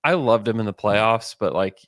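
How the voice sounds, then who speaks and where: A man hosting a podcast, talking in a relaxed, hesitant way with many fillers. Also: fairly low pitch, moderate pace, no echo, clean studio sound. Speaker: podcast host. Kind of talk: casual chat.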